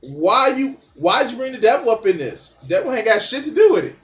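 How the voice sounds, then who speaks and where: A man's voice: very high-pitched, big pitch swings, brisk, a bit bright. A man giving blunt, profane reaction commentary on a documentary clip, mocking and laughing at what he hears.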